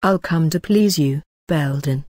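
Shy earnest young guy, hesitant and sheepish, read by a woman with a low mellow voice, audiobook. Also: measured pace, no echo, studio quality. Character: earnest young male illustrator, shy and scrupulous.

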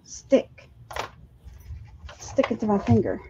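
Mellow woman crafting, dull lo-fi sound. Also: on the high side, wildly swooping pitch, slow, slight background noise. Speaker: co-host crafting guest. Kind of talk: casual crafting chat.

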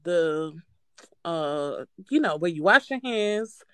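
A woman calling in to a show, telling a story in a casual, animated way, swearing freely and breaking into nervous laughter. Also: fairly low pitch, slow, smooth, no echo. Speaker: caller.

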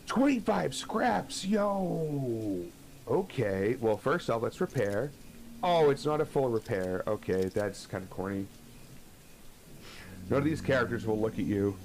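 Excitable swearing young male streamer. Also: fairly low pitch, normal speed, slight background noise, poor audio. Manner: casual, swearing, excitable, chatty with viewers. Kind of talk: live gameplay commentary.

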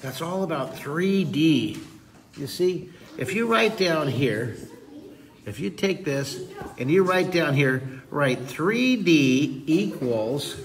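Slow, goofy man teaching drawing. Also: fairly high pitch, lively intonation, far from the mic, crowd noise. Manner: goofy, teasing, jokey asides. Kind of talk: playful drawing lesson.

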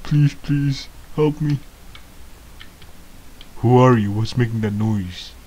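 A man's voice: medium pitch, takes it slowly, darkish tone, a little hiss or hum. A man giving comedic gameplay commentary as a clueless beginner, whiny, easily startled and rambling with lots of ums. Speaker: gamer playing a clueless beginner.

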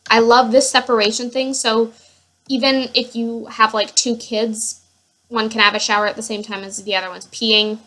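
A woman's voice: on the high side, flat delivery, normal speed, a bit bright. A woman giving casual gameplay commentary, gushing and rambling with many fillers as she shows her household. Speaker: gamer showing her household.

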